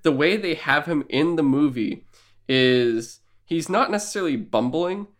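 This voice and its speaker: A man co-hosting a podcast in a casual chat, laughing often and reacting quickly. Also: a little high, expressive. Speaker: podcast co-host.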